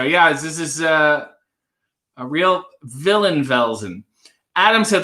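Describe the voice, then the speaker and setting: A man's voice: a little high, big pitch swings, a little slow, sharp tone. A man hosting a casual livestream, reading viewer comments aloud and answering with wry, joking asides. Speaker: livestream host.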